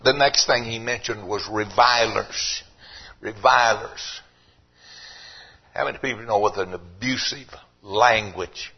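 An older man preaching a sermon, swinging from low and quiet to loud and emphatic. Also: moderate pace, husky, dull audio.

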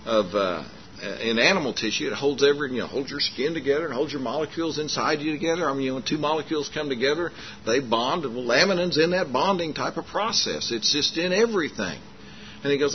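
A man preaches in a folksy, animated way, slipping into the voices of the people in his story. The recording is muffled and lo-fi, with a faint hiss underneath. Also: medium pitch, quick pace. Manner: folksy, animated retelling with acted dialogue and frequent fillers. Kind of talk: sermon storytelling.

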